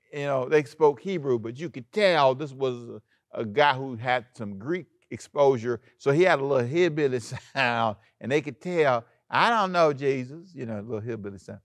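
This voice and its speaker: A man pastor preaching a sermon in an animated way, acting out quoted lines and chuckling often. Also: medium pitch, no echo, studio quality.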